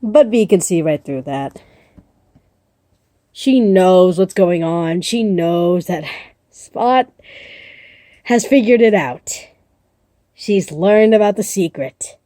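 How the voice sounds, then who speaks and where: A woman rambling playfully through a story pitch, amused at her own ideas. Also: lively intonation, slow pace, pauses often, warm tone, no room sound, studio quality.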